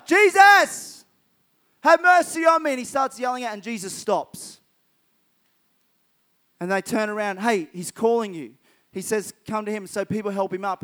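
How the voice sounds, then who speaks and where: A man's voice: sits high, smooth. A man preaching a sermon, retelling Bible stories vividly and repeating key phrases for emphasis.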